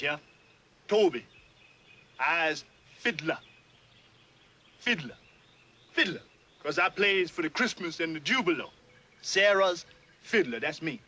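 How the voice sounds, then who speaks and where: A man's voice: on the high side, expressive, slow pace, long pauses, sharp tone, full character voice. An actor playing an older enslaved man who bossily drills a newcomer, in a heavy Southern dialect drawl. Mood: coaxing. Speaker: actor in a film scene.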